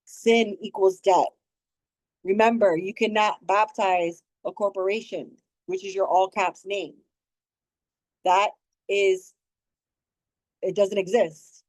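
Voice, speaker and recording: A woman's voice: medium pitch, steady tone, slow pace, long pauses, darkish tone, dry recording, low-quality recording. A woman hosting a community talk, earnestly instructing and urging listeners on. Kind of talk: teaching talk on a community call.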